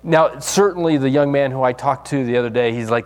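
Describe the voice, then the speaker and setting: A male pastor preaches in a loose, conversational way, often restarting his sentences and leaning on fillers. His voice sits at an ordinary middle pitch. A long reverb hangs behind him, as in a church hall. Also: a little fast, few pauses. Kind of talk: sermon.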